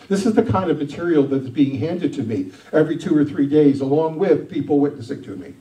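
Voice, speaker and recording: A man's voice: a little high, lively intonation, brisk, echoey room, far from the mic, poor audio. Emphatic pastor telling his testimony. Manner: emphatic storytelling, swings loud and soft. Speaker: senior pastor. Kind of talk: sermon testimony.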